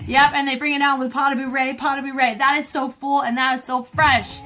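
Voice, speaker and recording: A woman's voice: high-pitched, little pitch movement, brisk, bright, forceful tone. A woman choreographer from the United States, giving chatty, enthusiastic dance reaction commentary and scatting along to the beats. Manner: scats and counts beats along with the music. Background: faint music.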